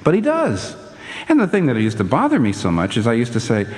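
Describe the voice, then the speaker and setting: An older man preaching a sermon in an animated way, his voice climbing to emphatic peaks, with frequent restarts. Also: mid-range voice, brisk, in a large hall.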